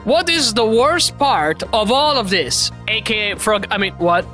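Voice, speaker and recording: A high-pitched woman streamer talks in a slow, drawn-out way while she jokes loudly over a party game. Music plays clearly behind her voice. She laughs often and swears freely. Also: lively intonation. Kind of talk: live game stream commentary.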